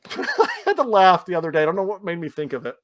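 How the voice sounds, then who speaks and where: Middle-aged male co-host, laughing raconteur, slightly high voice, close and dry. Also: fast, dry recording. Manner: animated storyteller, laughs often. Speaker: podcast co-host. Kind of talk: casual chat.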